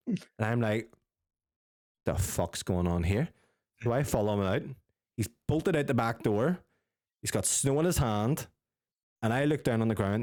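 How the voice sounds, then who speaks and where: Young man, lowish voice, dry room, sweary storyteller, podcast co-host. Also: a little mellow, dry recording. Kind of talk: casual storytelling with friends.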